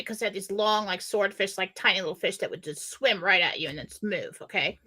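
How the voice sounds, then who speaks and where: A woman's voice: mid-range voice, fairly quick, sharp tone, breathy edge. A woman co-hosting a casual talk show, telling stories animatedly and laughing as she goes. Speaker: co-host. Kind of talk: casual chat, storytelling.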